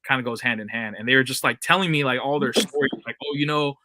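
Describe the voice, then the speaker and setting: A man's voice: mid-range voice, fast, bright, forceful tone, dry recording. A man from California telling a rambling story in a casual livestream chat, full of fillers. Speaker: podcast co-host.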